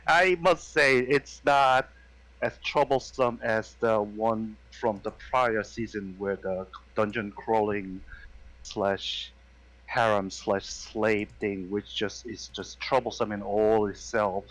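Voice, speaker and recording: A man co-hosting a casual anime review chat, wry and measured as he explains his views at length. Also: lowish voice, steady tone, a bit bright, rough recording. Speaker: podcast co-host.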